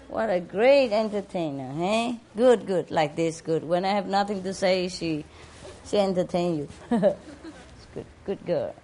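A woman's voice: medium pitch, darkish tone. A woman leading a spiritual center gathering who talks casually with a live audience. She teases people playfully, coos fondly at her pets, and speaks English with loose non-native grammar. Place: indoor room with an audience. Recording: noisy live room recording.

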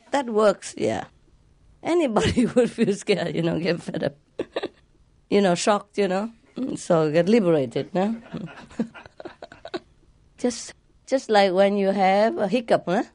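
A woman's voice: mid-range voice, darkish tone. A spiritual teacher, a woman, chatting casually with a group in non-native English phrasing, laughing often and playfully imitating sounds. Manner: laughs often while talking.

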